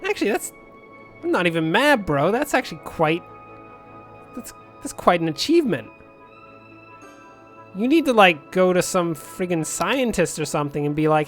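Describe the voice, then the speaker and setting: A man giving rambling, jokey commentary over a city-building game, with sudden shouted outbursts. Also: high voice, sing-song, normal speed, long pauses, faint music behind. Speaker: let's play host.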